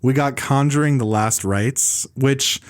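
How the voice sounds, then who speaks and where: Young male co-host, mid-pitched voice, rambling talk, deadpan humor. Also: measured pace. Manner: rambling, heavy use of "like", deadpan jokes. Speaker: podcast co-host. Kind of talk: casual film chat.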